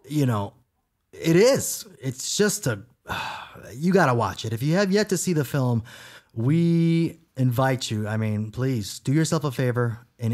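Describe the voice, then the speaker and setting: A man's voice: mid-range voice, darkish tone. A man co-hosting a casual horror podcast, rambling with lots of fillers. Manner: rambling, full of "you know" and "uh" fillers. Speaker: podcast co-host.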